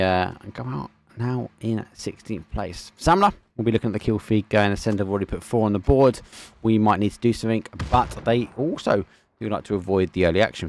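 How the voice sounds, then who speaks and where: A man from England with an Essex accent, casting a live esports match and chatting casually with viewers. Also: on the low side. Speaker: esports caster. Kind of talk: live game commentary with chat.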